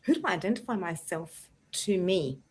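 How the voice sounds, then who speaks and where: A woman with an Australian accent answering interview questions earnestly, pausing with "uh" as she reflects. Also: lowish voice, expressive, husky. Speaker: guest.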